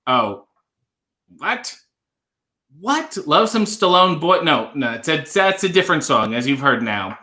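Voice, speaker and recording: A man's voice: on the high side, animated, measured pace, sharp tone. A man hosting a casual livestream, reading viewer comments aloud and answering with wry, joking asides. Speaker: livestream host.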